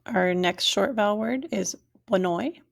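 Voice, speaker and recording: A woman teaching a language lesson, saying each word slowly and clearly and then repeating it. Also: mid-range voice.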